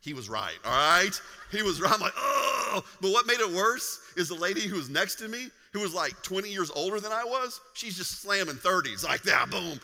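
Pastor, male, preaching with lively humor, slightly high voice, long church reverb. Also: brisk. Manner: animated storytelling with humor. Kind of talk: sermon. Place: large church hall.

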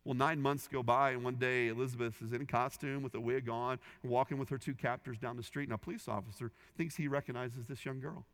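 Pastor preaching in a reverberant hall. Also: male voice, mid-range voice, fairly even intonation, brisk, few pauses, a bit bright. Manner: earnest storytelling with quoted voices, rising and falling in intensity. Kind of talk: sermon.

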